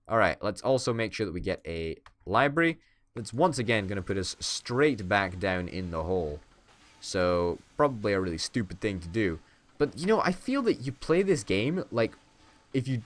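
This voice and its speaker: A man's voice: fairly low pitch, fairly bright tone. A man giving playful, swearing let's-play commentary and hamming it up as a would-be dictator. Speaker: gaming YouTuber.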